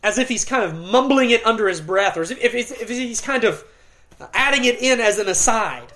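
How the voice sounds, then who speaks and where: A middle-aged pastor delivering an expository sermon, earnest and emphatic, with dramatic pauses and occasional restarts. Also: male voice, extremely high pitch, lively intonation, pushed and bright.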